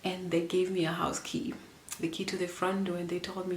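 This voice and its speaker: Low-voiced woman vlogger, roomy sound. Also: flat delivery, fairly quick, slight background noise. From Namibia. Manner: rambling, emotional, many fillers and restarts. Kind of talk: casual storytelling to camera.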